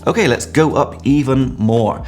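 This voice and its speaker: A man with an English accent teaches grammar in an upbeat, lively way, leaning hard on key words and drawing them out as he explains. His voice sits in a plain middle register. Faint guitar music plays softly behind him. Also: medium pitch, normal speed. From England.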